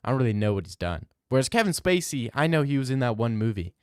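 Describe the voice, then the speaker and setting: A man's voice: medium pitch, big pitch swings, fast talker, clean tone, no echo, studio quality. A young man hosting a livestream, reading out chat and rambling in a crude, jokey, casual way. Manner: rambling, crude, jokey, slips into silly voices. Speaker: livestream host answering chat.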